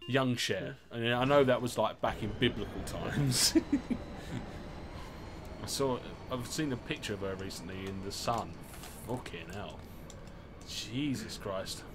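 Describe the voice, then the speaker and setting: A man's voice: medium pitch, a little slow, long pauses, over music. A man with an English accent, chatting casually and joking with a friend on a gaming livestream, swearing and laughing often. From England. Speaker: livestream host. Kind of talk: casual gaming stream chat.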